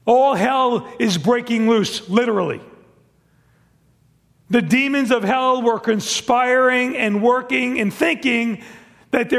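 High-voiced preacher man with gravelly edge. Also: fairly bright tone, big-room sound. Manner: earnest, repeats words when emphatic. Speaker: pastor. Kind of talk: sermon.

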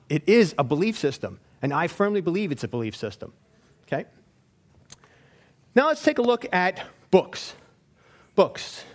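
A man preaching in a loose, anecdotal way, full of fillers and side remarks. His voice sits high and moves a great deal. He teaches as if telling stories to friends. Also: a bit bright. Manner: rambling, anecdotal, with frequent fillers. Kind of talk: informal Bible teaching.

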